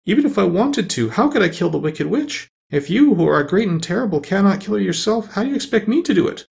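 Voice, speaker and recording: A man's voice: medium pitch, sing-song, quick pace. A man voicing an earnest, meek little girl. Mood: tearful. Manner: earnest, pleading.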